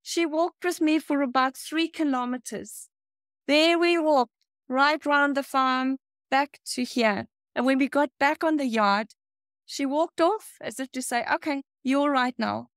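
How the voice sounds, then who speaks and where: High-voiced woman telling a heartfelt story. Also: measured pace, no echo, clean studio sound. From South Africa. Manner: emotional storyteller, laughs often. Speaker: guest. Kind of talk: storytelling in a faith interview.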